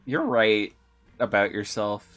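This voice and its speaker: A woman's voice: a bass voice, steady tone, takes it slowly, faint music behind. A woman streamer chatting casually while gaming, fumbling for words and giggling often.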